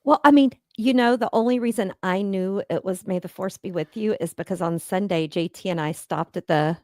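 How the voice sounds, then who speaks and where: A woman's voice: mid-range voice, fairly quick, mellow, dry recording, studio quality. A woman co-hosting a casual chat, wry and teasing in how she talks. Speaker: co-host.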